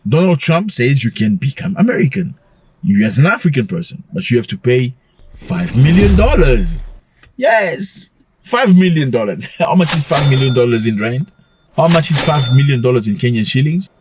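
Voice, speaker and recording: A man hosting a casual commentary vlog, talking in an animated way, full of rhetorical questions and quick chuckles. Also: mid-range voice, background noise. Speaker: commentary channel host.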